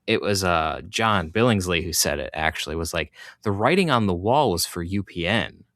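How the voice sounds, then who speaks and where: Podcast co-host, man, very low voice, dry close sound, loose rambling chat. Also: lively intonation, moderate pace, fairly bright tone, no room sound. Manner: rambling, filler-heavy recaps. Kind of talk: casual chat.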